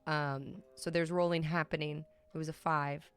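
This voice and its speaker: A woman narrating as game master of a tabletop role-playing game, with measured pacing and frequent ums. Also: low-pitched, level tone, clean tone.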